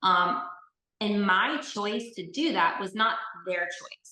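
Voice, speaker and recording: A woman's voice: mid-range voice, normal speed, bright, forceful tone. A woman speaking as an interview guest and bodybuilding competitor. She tells her story in a casual, earnest and heartfelt way, with many fillers. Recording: echoey room.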